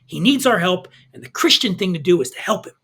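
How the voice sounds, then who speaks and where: A man's voice: sits high, lively intonation, fast, fairly bright tone, breathy edge, exaggerated voice. A man doing a scolding wife. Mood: reproachful. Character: scolding churchgoing wife, middle-aged woman.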